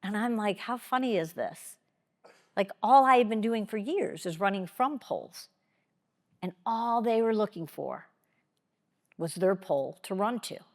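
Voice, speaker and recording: A woman giving a motivational keynote talk, telling a personal story with dramatic pauses and acting out what others said. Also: medium pitch. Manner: expressive, dramatic pauses, quotes people aloud. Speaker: keynote speaker. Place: large conference hall. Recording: long hall reverb.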